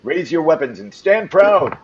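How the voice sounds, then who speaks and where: Man voicing a booming rallying knight. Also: very animated, unhurried, slightly rough, highs cut off, exaggerated voice. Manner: loud, commanding proclamation. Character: proud male knight rallying troops.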